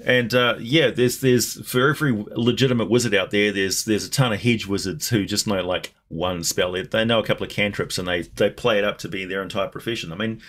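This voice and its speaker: A man who makes videos, chatting casually. He talks in a somewhat low voice and rambles thoughtfully, with plenty of fillers and restarts. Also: a little fast, hardly any pauses, a bit bright. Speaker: video creator. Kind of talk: casual chat.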